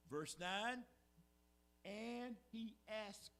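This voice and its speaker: A man's voice: sits high, animated, takes it slowly, fairly bright tone. A man preaching a sermon in a church, repeating his points and calling out to the congregation. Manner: preaching with call-and-response asides, repetitive emphasis. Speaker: pastor. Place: church sanctuary.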